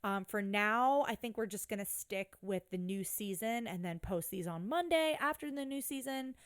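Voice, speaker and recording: A woman's voice: mid-range voice, normal speed, smooth. A woman co-hosting a podcast in casual, snarky chat, swearing freely. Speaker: podcast co-host.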